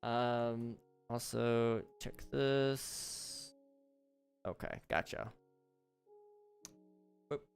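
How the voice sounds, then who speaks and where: A man's voice: mid-range voice, fairly even intonation, very slow, gravelly, long pauses, clear, resonant tone, faint music behind. A young man hosting a live gaming stream, chatting casually, laughing often and answering his chat aloud. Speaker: livestream host.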